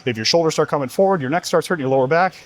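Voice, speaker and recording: A man's voice: on the high side, rapid-fire. A man talking as a fitness coach in a blunt, heavily profane motivational monologue, firing off rhetorical questions while working out.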